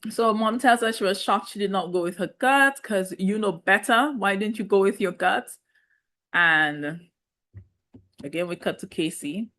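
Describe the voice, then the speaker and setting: A woman's voice: mid-range voice, measured pace, fairly bright tone. A woman in a casual, sassy reality TV recap, with speech and playful, opinionated asides. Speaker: reality show recap host.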